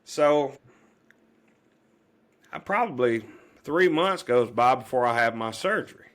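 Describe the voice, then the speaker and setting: A man's voice: medium pitch, animated, takes it slowly, a bit bright. A middle-aged man, a podcast guest earnestly telling a long personal story, rambling with many fillers and restarts.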